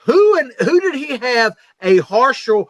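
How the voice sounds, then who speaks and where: A man's voice: very high-pitched, big pitch swings, unhurried, no room sound. A man co-hosting a podcast, telling stories about politics in an emphatic, insistent way. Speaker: podcast co-host. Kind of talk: casual political chat.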